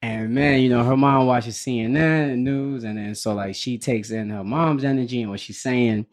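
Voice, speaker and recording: A man in his thirties co-hosting a podcast, talking loosely and laughing often. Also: moderate pace. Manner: animated, laughs often, mimics his daughter in high voice. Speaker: podcast co-host. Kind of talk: casual chat.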